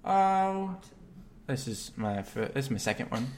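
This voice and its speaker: A man voicing a nervous, hesitant peasant widow in a tabletop game, speaking in halting, quiet phrases. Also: medium pitch, sing-song, a little hiss or hum.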